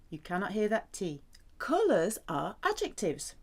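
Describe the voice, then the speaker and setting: A woman from the UK teaching a French lesson, saying each word slowly and repeating it with careful emphasis. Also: on the low side, big pitch swings, a little mellow. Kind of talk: slow, deliberate language lesson.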